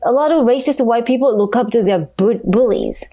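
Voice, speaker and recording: A woman's voice: on the high side, fairly quick, dark tone. A woman who is a podcast guest, chatting frankly and animatedly in English with non-native phrasing and frequent laughs. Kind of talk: casual podcast chat.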